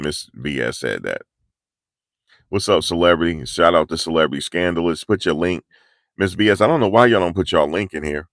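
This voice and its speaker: Deep-voiced man vlogging live outdoors. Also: dry recording. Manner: animated, slangy, pushing energy. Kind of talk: live street commentary. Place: outdoors in cold, rainy weather.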